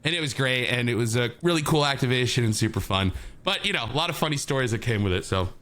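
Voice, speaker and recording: A man co-hosting a podcast, telling a long story in an animated way and acting out other people's lines. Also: medium pitch, fast talker. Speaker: podcast co-host.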